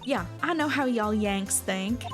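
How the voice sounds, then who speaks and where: A woman's voice: a little high, measured pace, over music, lightly acted. Woman putting on a feisty Southern photographer. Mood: sassy. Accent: exaggerated Southern US drawl. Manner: sassy, folksy, confrontational. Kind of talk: game dialogue read aloud on stream.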